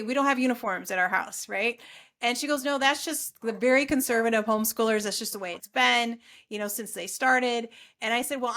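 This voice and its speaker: A middle-aged woman guest on a podcast, talking in a fairly high voice. She tells her story in a chatty, animated way and slips into other people's voices for quoted lines. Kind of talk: casual storytelling interview.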